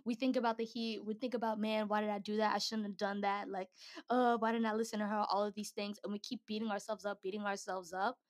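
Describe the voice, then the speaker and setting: A woman's voice: mid-range voice, level tone, fast. A young woman giving a casual devotional talk to a Christian group, chatty and slangy, often laughing. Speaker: speaker at a Christian gathering.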